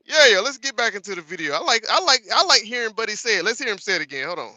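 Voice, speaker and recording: A man in his thirties hosting a casual live-stream commentary, animated and laughing as he talks to his chat. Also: high voice, rapid-fire, no room sound. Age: 30s. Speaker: host.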